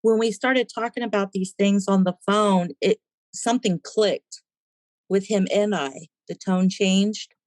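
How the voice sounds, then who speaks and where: A woman's voice: mid-range voice, fairly even intonation, unhurried, darkish tone, no room sound. A woman, a podcast guest, telling her personal story in a casual interview and animatedly acting out the voices in it.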